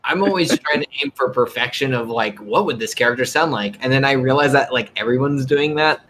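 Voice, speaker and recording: A man hosting a casual gaming chat, talking in an animated, rambling way with lots of fillers. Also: mid-range voice, brisk, a little hiss or hum, poor audio. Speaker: podcast host.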